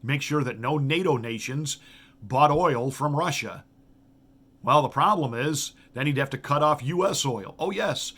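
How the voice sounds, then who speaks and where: A middle-aged man speaks as a pastor in a political commentary monologue. His voice sits at a middle pitch, and he drives his points home through rhetorical questions, stumbling into repeated words as he restarts. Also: unhurried, fairly bright tone.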